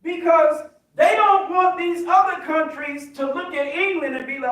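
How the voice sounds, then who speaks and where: An American man, a minister, preaching a sermon with call and response, emphatic and rising to shouts. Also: very high voice, fairly even intonation, moderate pace. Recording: very echoey hall, distant mic.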